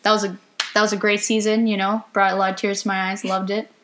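A woman's voice: mid-range voice, flat delivery, fast talker, a bit bright, a little hiss or hum. A woman hosting a casual chat, talking loosely with lots of fillers and frequent laughter. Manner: chatty, heavy on "you know" and "like", laughs often. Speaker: podcast host.

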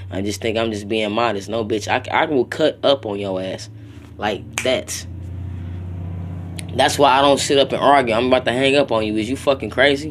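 A young man hosts a solo podcast, ranting casually in a loose, profane, rambling style. He talks straight to his listeners in a medium-pitched voice and ends lines with slang tags like "bro" and "my friend," over a little hiss or hum.

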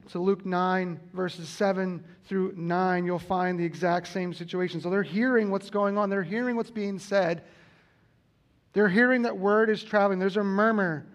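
A man with a high voice preaching a sermon. He speaks earnestly and repeats his key lines to drive them home. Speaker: pastor.

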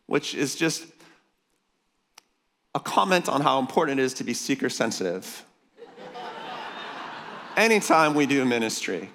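A man's voice: mid-range voice, expressive, normal speed, long pauses, fairly bright tone, slight background noise. A man preaching a sermon to a conference crowd, emphatic and jokey, calling out for amens. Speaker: pastor speaking at a leaders' conference. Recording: long reverb of a large hall.

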